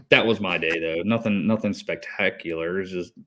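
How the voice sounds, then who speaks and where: A man's voice: low-pitched, fairly bright tone, slight background noise. A man in his thirties, an HVAC technician co-hosting a podcast, telling a rambling story in a hyper, breathless way with lots of swearing. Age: 30s. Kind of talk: casual chat.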